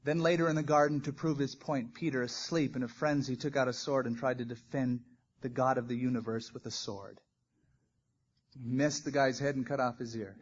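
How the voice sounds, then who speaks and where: A man's voice: mid-range voice, steady tone, moderate pace, breathy edge. A man preaching a sermon, telling stories with animation and acting out the quoted lines. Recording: dull lo-fi recording.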